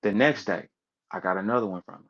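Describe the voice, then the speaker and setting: A man's voice: on the low side, fast talker. A man in a heated, profane casual rant, telling stories and acting out other people's voices. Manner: profane, animated storytelling, acts out voices of others. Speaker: online audio room speaker. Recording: dull lo-fi audio stream.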